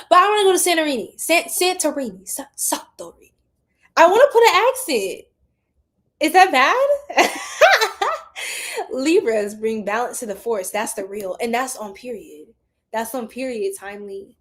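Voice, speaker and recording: Bubbly woman livestream host, higher voice. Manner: bubbly, greets viewers by name, laughs often. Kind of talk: casual livestream chat reading comments.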